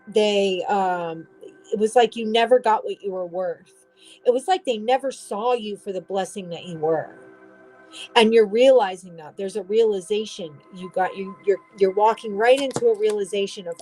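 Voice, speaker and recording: A woman's voice: mid-range voice, moderate pace, darkish tone, faint music behind, rough recording. A woman giving a casual tarot reading, rambling and restarting, swearing now and then. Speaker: tarot reader.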